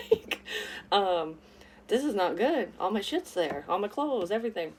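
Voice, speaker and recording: A woman with a fairly low voice tells a personal story in a loose, candid way, swearing often and getting animated as she goes. A faint hum of room sound sits behind her. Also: slow, long pauses. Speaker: psychic vlogger telling a personal story. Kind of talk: casual storytelling.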